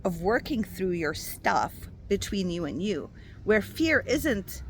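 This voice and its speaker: A woman speaking as a spiritual coach and intuitive healer, giving a casual motivational talk to her viewers. She is expressive and affectionate, and calls the listener "my love.". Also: lowish voice, a little hiss or hum. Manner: animated and expressive, acts out quoted voices.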